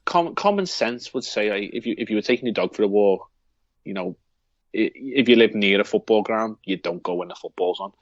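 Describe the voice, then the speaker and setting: Scouse guy rambling on a football podcast, lots of restarts, kinda low voice, dry lo-fi mic. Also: expressive, brisk, dry recording. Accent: Liverpool. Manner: rambling, with many restarts and fillers. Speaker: podcast co-host. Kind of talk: casual football chat.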